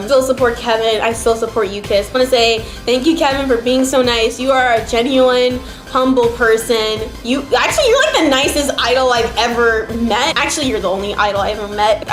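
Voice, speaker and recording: A young woman from New Jersey chatting casually as a vlogger, rambling and emotional, filling her talk with "like". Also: a little high. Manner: rambling, emotional, heavy use of "like". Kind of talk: casual chat. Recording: roomy echo, faint background music. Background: faint background music.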